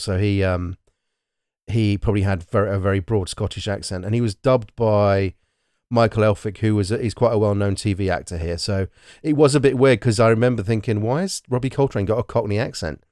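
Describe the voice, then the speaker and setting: A man's voice: on the low side, steady tone, a little fast, a little mellow, no room sound, clean studio sound. A British man chatting casually about a film, talking in bursts with lots of restarts and the odd swear word. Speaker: podcast co-host. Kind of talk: casual film-discussion chat.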